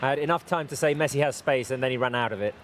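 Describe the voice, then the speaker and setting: A man's voice: mid-range voice, noisy background. A man doing live football play-by-play commentary with jokey banter between calls. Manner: excitable, quick asides, jokey.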